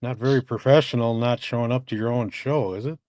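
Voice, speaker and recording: A man's voice: medium pitch, steady tone, fast, a little mellow, no room sound. A man co-hosting a casual live-stream chat, laid-back and swearing freely while reading chat messages aloud. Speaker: co-host.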